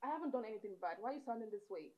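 A woman's voice: a little high, rapid-fire, muffled recording, noisy background, natural voice. A woman playing a bubbly young cook. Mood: puzzled. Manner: bubbly, laughing easily, animated. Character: cheerful young woman cook, sweet and eager. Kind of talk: comedy skit acting.

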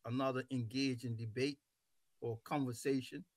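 Deliberate, emphatic male talk host. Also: medium pitch, steady tone, no echo. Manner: deliberate, emphatic, stretches words for stress. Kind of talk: casual talk show conversation.

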